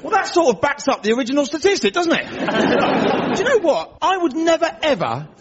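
A man performing a stand-up comedy set, telling dry one-liners in a deadpan way and acting out other people's lines. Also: very high-pitched, normal speed, a loud crowd. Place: comedy club stage before a laughing audience. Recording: dull live recording with audience noise. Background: audience laughter.

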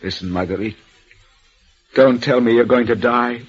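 A man's voice: mid-range voice, moderate pace, breathy edge, faint music behind, natural voice. An actor voicing a devoted, anguished young man in an old radio drama, speaking earnestly and pleadingly. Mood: pleading, tender. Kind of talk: 1940s radio acting. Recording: dull lo-fi old radio recording.

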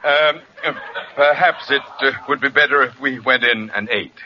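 An actor playing a genial society doctor with a chuckling, slightly hesitant manner. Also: male voice, medium pitch, moderate pace, muffled recording, close to an everyday voice. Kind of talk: old radio comedy acting.

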